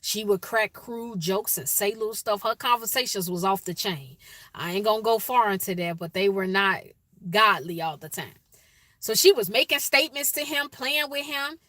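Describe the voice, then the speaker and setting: A woman from Chicago, an inspirational speaker, recounts something personal and presses her audience toward peace, animated and emphatic as she repeats question after question. Her voice is medium-pitched, with no room sound.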